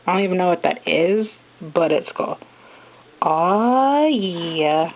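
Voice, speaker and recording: A young woman filming an unboxing vlog one-handed at home, chatty and excitable, often gasping over what she finds. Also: fairly low pitch, slow. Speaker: vlogger unboxing a gift. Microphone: handheld phone camera. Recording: tinny phone-like audio with noise.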